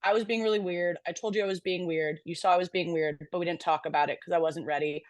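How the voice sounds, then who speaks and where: A young woman co-hosts a podcast in relaxed conversation. She sounds candid and reflective and swears now and then. Her voice is dry and close, with no room sound. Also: lowish voice, fast, no room sound. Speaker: podcast co-host. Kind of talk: casual chat.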